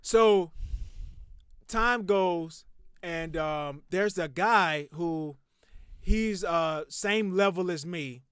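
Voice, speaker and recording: A young man hosting a podcast, telling a long story in a loud, profane, animated way that drops to muttering. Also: high voice, drawn-out words, clean tone, dry recording, clean studio sound. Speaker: podcast host.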